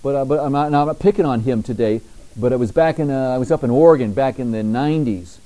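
A male pastor preaches a sermon with an emphatic, insistent delivery. His voice is warm and mellow, sitting at a middle pitch. He slows down deliberately when he reads scripture aloud.

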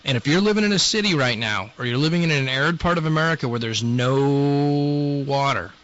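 Male show host, blunt scolding monologue, sharp forceful delivery, dull lo-fi recording. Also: fairly high pitch, expressive, a little fast. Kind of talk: ranting talk-show monologue.

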